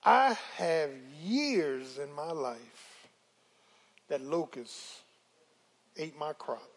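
An older woman preaching a sermon, telling folksy stories and calling out to the congregation, dropping to hushed asides and rising to shouts. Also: low-pitched, very animated, very slow. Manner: dramatic swings from hushed asides to shouted exclamations; folksy storytelling with call-and-response to the congregation.

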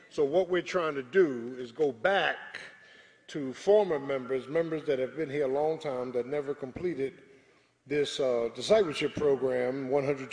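A pastor addressing his congregation in a service, exhorting with call-and-response. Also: medium pitch. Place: large church sanctuary. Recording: echoey church hall with congregation.

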